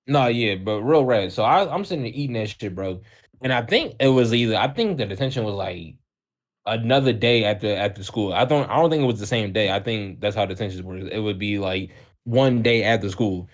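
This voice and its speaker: A young man co-hosting a podcast, telling a story in a casual, animated way, acting out the people in it with lots of slang and swearing. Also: lowish voice, brisk. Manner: animated, acts out quoted voices, heavy profanity and slang. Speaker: podcast co-host.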